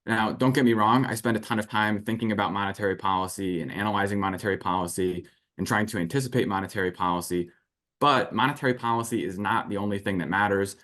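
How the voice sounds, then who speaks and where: A man with a low voice answers interview questions at a brisk clip. He speaks as an analyst and packs his answers densely with policy terms. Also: fairly bright tone. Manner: rapid, analytical, jargon-heavy. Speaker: research firm guest.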